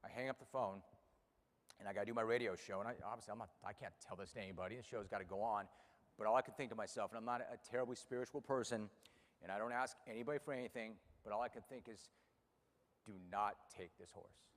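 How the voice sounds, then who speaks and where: A man in his fifties speaking emotionally to an audience about losing his racehorse, halting and repeating words when upset. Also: lowish voice, fairly even intonation, long reverb tail. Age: 50s. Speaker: racehorse owner and radio host. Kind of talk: emotional personal speech to an audience. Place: room with a live audience.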